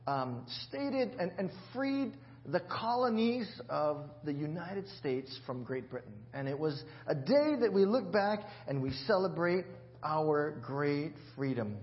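A man's voice: a little high, big pitch swings, unhurried, muffled recording. A man preaching a sermon in a church, in a chatty, joking way with many restarts. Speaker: pastor.

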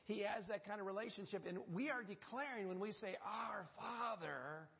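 A man's voice: high voice, fast, muffled recording. A male pastor, delivering a sermon and drawing the congregation into call-and-response. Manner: call-and-response preaching, prompting the congregation to repeat.

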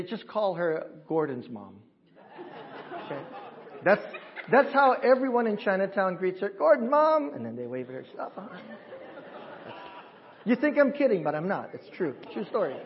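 A man in a church service, a pastor talking with his congregation in a lively, upbeat way and leading them through a greeting. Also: on the high side, highs cut off. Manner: warm, upbeat, talks with the congregation and teaches them. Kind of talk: sermon.

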